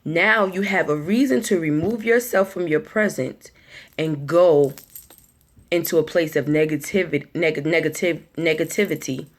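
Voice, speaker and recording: A woman giving an earnest motivational talk, repeating herself and restarting words as she goes. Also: sits low. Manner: acts out anxious inner voices in quick asides. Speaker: motivational speaker.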